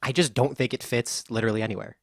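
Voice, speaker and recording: A man's voice: medium pitch, fairly even intonation, quick pace, no room sound, clean studio sound. A young man co-hosting a casual podcast chat, laid-back, swearing often and restarting his sentences. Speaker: podcast co-host.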